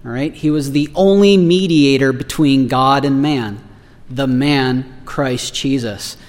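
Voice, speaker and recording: A man's voice: mid-range voice, slow. A man preaching a sermon as pastor, earnest, building emphasis on key phrases with light self-deprecating asides. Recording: reverberant hall.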